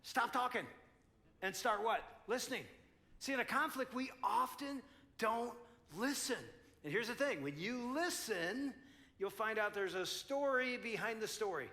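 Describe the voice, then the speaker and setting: A man's voice: extremely high pitch, normal speed, sharp tone. An older man in his sixties, a pastor speaking at a couples conference, telling a story animatedly and acting out both sides.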